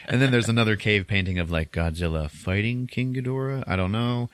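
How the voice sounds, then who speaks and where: A man's voice: on the low side, moderate pace, no room sound, studio quality. A man hosting a podcast who recaps a movie in casual chat, laughing often and acting out quotes from the film. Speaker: podcast host.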